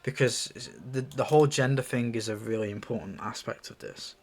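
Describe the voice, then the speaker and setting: A screenwriter casually reading through his own screenplay and commenting on it in a relaxed, musing way. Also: medium pitch, brisk.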